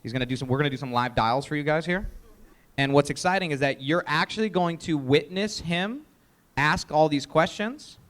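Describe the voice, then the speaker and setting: A man presenting a live sales training workshop, energetic and emphatic, often quizzing the audience. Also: fairly high pitch, normal speed.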